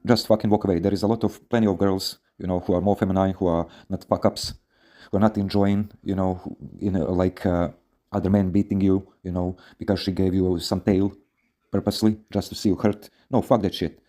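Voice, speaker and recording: Low, dark-voiced man rambling with fillers. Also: little pitch movement, a little fast. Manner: rambling, many fillers, frequent swearing. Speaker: podcast host. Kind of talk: casual storytelling advice podcast.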